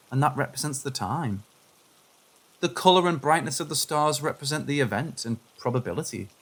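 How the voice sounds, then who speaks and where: A man narrating submitted paranormal stories in a steady, scripted reading voice. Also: mid-range voice.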